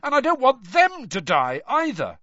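A man's voice: very high-pitched, huge pitch swings, moderate pace, dry recording, dull audio, voice pushed up, heavily acted. A man playing a fierce desperate teenage boy. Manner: fierce, pleading shouts. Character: desperate teenage boy wizard shouting underwater.

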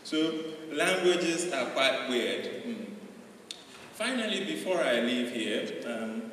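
A man's voice: mid-range voice, expressive, slow pace, a bit bright. A man doing stand-up comedy with a loose, chatty delivery full of fillers. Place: live comedy venue. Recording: roomy hall, far from the mic, noisy.

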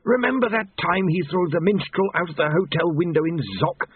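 A man's voice: high-pitched, animated, brisk, slightly rough, dry recording, pitched above the performer's own voice. A man reading an audiobook, putting on a whining, nagging woman for Famine. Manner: nagging, complaining. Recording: tinny lo-fi phone-like audio.

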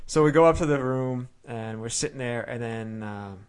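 A man's voice: medium pitch, normal speed, smooth. A man telling a long story in casual podcast chat, acting out what he and others said. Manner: animated storyteller acting out his own quotes. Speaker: storyteller guest.

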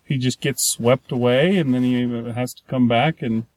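A podcast co-host has a dry-recorded, mid-range voice with a darkish tone and normal speed. Chatting casually to review a film, he rambles, restarts his sentences, and often acts out the characters' lines.

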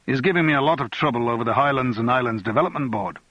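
A man's voice: medium pitch, very fast, sharp tone, no room sound, dull audio. Man doing a wry, grinning minister. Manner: dry humour.

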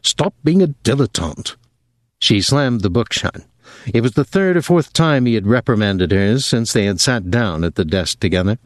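A man giving a measured, even audiobook narration of a novel. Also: on the low side, dry recording. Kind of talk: scripted narration.

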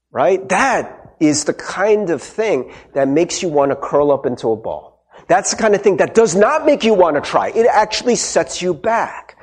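A man's voice: high voice, big pitch swings, moderate pace, a little mellow, breathy edge. A male pastor preaching a casual, conversational sermon. He tags his points with "right?" and acts out the quotes he retells. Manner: tags many sentences with "right?"; acts out quoted speech in character.

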